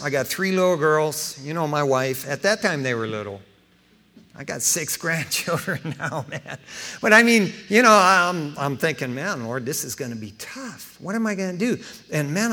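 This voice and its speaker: A man in his fifties preaching a folksy, animated sermon as pastor, acting out dialogue as he tells stories. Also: sits high. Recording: long hall reverb.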